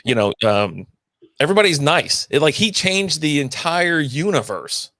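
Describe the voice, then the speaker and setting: Relaxed rambling man in a dry close mic. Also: on the high side, normal speed, no room sound. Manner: relaxed, rambling, keeps saying you know what I mean. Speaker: co-host. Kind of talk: casual reaction chat.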